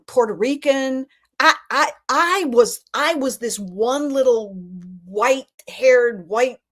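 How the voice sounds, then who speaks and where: A woman with a Southern US accent, a humorist telling folksy stories in animated, casual chat. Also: fairly high pitch. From Alabama, USA.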